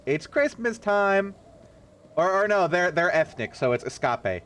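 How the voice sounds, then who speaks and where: A man chats his way through a horror game with casual, profane humor. His pitch swings widely, jumping high on sudden jokes. A faint hiss sits under the voice. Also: very animated, normal speed, a bit bright. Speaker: streamer. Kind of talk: casual gameplay commentary.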